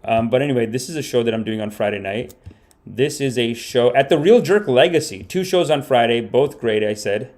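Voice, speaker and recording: A man hosting a casual comedy podcast stream, rambling and animated, with the odd curse. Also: mid-range voice, a little fast. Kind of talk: casual livestream commentary.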